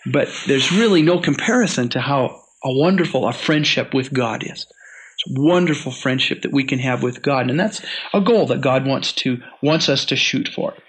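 A man giving an earnest Bible teaching, slowing down to stress the verses he reads and often restarting his sentences. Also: mid-range voice, husky, rough recording. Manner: earnest, slows and stresses scripture readings; frequent restarts and repeated words. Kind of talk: teaching sermon.

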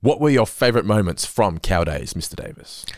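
A man's voice: sits low, animated, a little fast, darkish tone. A man hosting a podcast, chatting casually and rambling, often repeating words. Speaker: podcast host.

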